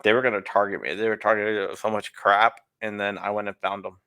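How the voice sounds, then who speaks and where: Bright, low-pitched male show host. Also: level tone, brisk, clean tone, no room sound. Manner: rambling, restarts often, laughs while talking. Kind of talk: casual live-stream interview.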